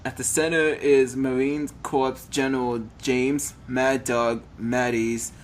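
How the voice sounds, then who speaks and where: A man reads a text adventure game aloud with a mid-pitched voice, often tripping over words. He breaks off for casual joking comments between the narration. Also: little pitch movement, slow, slight background noise.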